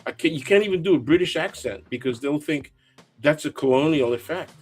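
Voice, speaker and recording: A man's voice: on the high side, expressive, fairly quick, a little mellow, faint music behind. A man, a professor guest, trading dry asides and frequent laughs in casual political banter.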